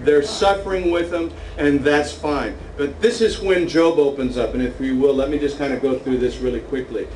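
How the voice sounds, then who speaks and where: A man with a slightly high voice leads a relaxed Bible class, joking with his group as he reads passages aloud. He sounds set back from the mic in an echoey meeting room, with faint noise underneath. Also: normal speed, few pauses, recorded from a distance. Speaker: Bible study teacher. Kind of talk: casual Bible class teaching. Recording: roomy echo, from afar, faint noise.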